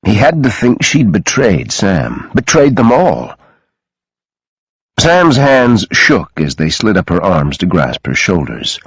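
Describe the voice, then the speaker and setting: A man reading an audiobook in a dramatic, expressive way, close to the mic. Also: on the low side, takes it slowly, slightly rough, dry recording, rough recording. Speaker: audiobook narrator. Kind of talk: scripted audiobook narration.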